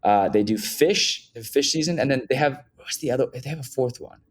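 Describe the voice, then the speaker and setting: A young man co-hosting a podcast who tells stories in an animated way, acting out what people said. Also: mid-range voice, brisk, slight background noise. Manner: animated storyteller, acts out quotes. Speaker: podcast co-host. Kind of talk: casual podcast conversation.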